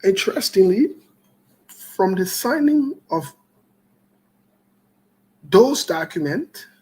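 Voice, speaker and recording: Over bad audio, a high-voiced man hosting a talk show runs through a steady string of callers, greeting each by name. He speaks slowly and deliberately, drops in jokes, and eventually gets into political commentary.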